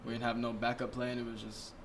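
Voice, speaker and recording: A man's voice: medium pitch, monotone, fast talker, noisy background. A young man, a guest rapper on a podcast, telling stories in laid-back slang with lots of swearing. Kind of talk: casual chat.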